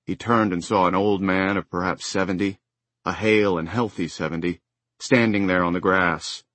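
A male audiobook narrator with a low voice reads scripted material in a measured, even storytelling manner. The sound is dry and close, recorded in a studio.

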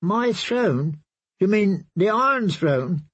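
A man's voice: high-pitched, lively intonation, takes it slowly, a bit bright, husky, no room sound, dull audio, pitched above the performer's own voice, heavily acted. A man voicing a plaintive young girl. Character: confused, wary young girl princess.

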